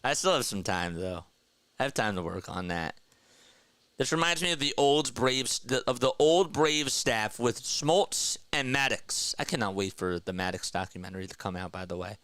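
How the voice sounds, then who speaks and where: A young man hosting a casual baseball fan livestream, excitedly talking to his chat. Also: medium pitch, moderate pace, dry recording. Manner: excited, animated, talks to chat as "bro" and "man". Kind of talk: casual post-game fan talk, reading chat.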